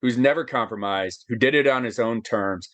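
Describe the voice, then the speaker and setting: A man in his forties, an interview guest, telling a personal story with lots of fillers, animated and getting choked up as he goes. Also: mid-range voice, moderate pace, no room sound. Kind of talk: emotional storytelling in conversation.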